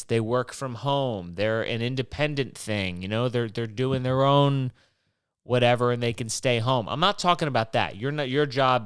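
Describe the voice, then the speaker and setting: A man's voice: medium pitch, a bit bright, clean tone, dry recording, studio quality. A young man hosting his own show, rambling on his own in a casual, profane rant full of restarts. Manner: rambling, swears often, many restarts. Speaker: podcast host.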